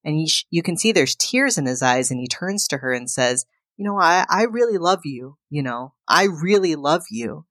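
Low-voiced woman recapping a film. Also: normal speed, no echo, studio quality. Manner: animated retelling, acting out characters' lines. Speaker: podcast co-host. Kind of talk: casual chat recapping a film.

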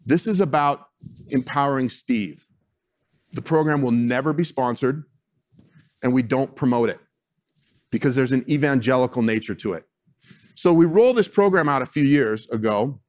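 A man speaking as a sports team executive, giving a keynote speech and telling stories in an emphatic, animated way. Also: mid-range voice, moderate pace, long pauses.

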